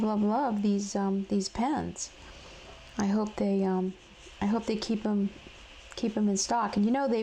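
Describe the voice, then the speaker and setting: Woman, craft livestream host, gravelly voice, chatty and halting, faint background noise. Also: mid-range voice, darkish tone, low-quality recording. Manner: chatty, halting, with many fillers and restarts; talks to live chat viewers while coloring. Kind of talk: casual live craft demonstration.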